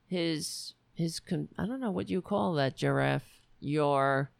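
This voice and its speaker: Livestream host, unhurried and gravelly, thinking aloud over the chat feed; dry close sound. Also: medium pitch, expressive, dry recording. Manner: slow, musing, halting as they read comments aloud.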